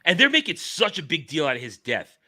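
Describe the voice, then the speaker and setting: A man hosting a casual commentary podcast, talking in an animated, sarcastic way and mocking what others say. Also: a little high, fairly quick. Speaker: podcast host.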